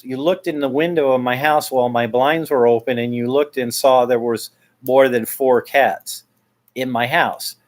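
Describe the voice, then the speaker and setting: A man speaking a casual monologue addressed to his neighbor, rambling with many restarts and repeated words as he airs his complaints. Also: mid-range voice. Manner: aggrieved, airing complaints.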